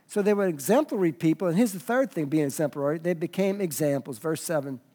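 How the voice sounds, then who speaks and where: A man preaching a sermon as pastor, moving from soft, low asides to loud, emphatic passages.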